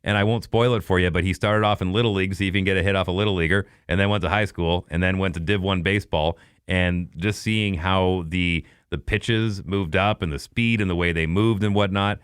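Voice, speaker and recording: A man's voice: deep voice, steady tone, a little fast, hardly any pauses, fairly bright tone, clear, resonant tone, dry recording, clean studio sound. A man who is a radio host, chatting casually and enthusiastically as a guest on a podcast. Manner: enthusiastic, conversational.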